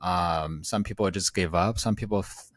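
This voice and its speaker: A man's voice: low voice, normal speed, no echo, clean studio sound. Upbeat man with a Chinese accent. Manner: upbeat, laughs often, hesitant fillers. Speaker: guest, land investor. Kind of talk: casual interview chat. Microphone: plugged-in setup.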